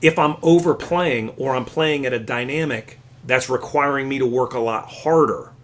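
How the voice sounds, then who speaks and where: A man's voice: mid-range voice, moderate pace, fairly bright tone. Patient, encouraging male guitar teacher. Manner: patient, encouraging, explains with counting and images. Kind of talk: live guitar lesson.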